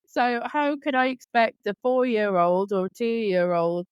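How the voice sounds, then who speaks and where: A woman's voice: on the high side, expressive, a little slow, clear, resonant tone, dry recording, muffled recording. A woman in her thirties hosting a podcast interview, talking in a chatty, candid and self-deprecating way. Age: 30s. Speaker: podcast host. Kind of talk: casual conversational interview.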